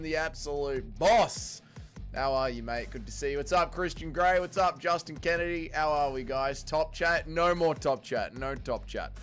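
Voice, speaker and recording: A man's voice: fairly high pitch, a bit bright. A man hosting a casual livestream, upbeat and bantering as he greets viewers by name. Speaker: livestream host.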